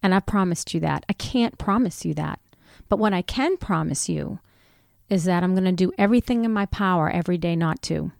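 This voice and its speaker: A middle-aged woman telling a personal story in a conversation, candid and animated, acting out what people said. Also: lowish voice, a little fast, gravelly, no room sound, studio quality. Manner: candid, animated retelling with voiced quotes. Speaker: guest.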